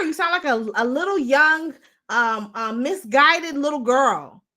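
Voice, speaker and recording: Bright, sassy woman host. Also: high voice, slow pace. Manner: blunt, sassy, slangy. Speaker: show host. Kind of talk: casual commentary to viewers.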